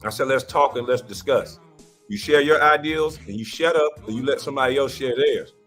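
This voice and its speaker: A man hosting an online panel, ranting in heated commentary with a loud, combative, repetitive style. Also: mid-range voice, brisk, faint music behind.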